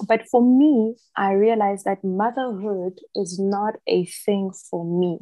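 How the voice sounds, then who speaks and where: A woman's voice: medium pitch, steady tone, slow pace, mellow, slight background noise, low-quality recording. A young woman talking frankly in a casual chat, laughing often and acting out what people said to her.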